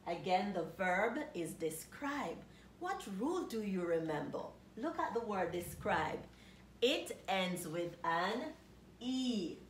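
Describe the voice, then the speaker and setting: A woman teaching a grammar lesson to children, patiently spelling out letters and asking questions. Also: medium pitch. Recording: echoey room with faint noise.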